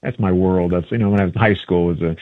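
A man's voice: low voice, very fast, no echo. A man calling in to a radio show, chatting in a friendly, self-deprecating way. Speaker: guest calling in. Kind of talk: casual radio chat. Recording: tinny phone line.

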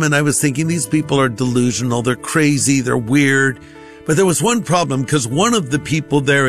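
A man's voice: fairly high pitch, a bit bright. A man giving a conversational personal testimony, acting out the voices of the people in his stories.

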